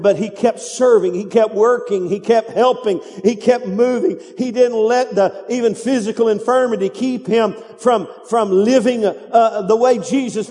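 A man's voice: high voice, dark tone. A male pastor preaching a sermon, urging his congregation to answer back and repeat after him. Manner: emphatic call-and-response preaching. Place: church sanctuary. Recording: long reverb of a large hall.

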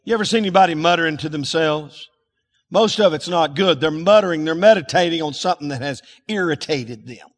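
Man, folksy sermon, high voice, long hall echo. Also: brisk. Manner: folksy, calls for congregation responses. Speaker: pastor.

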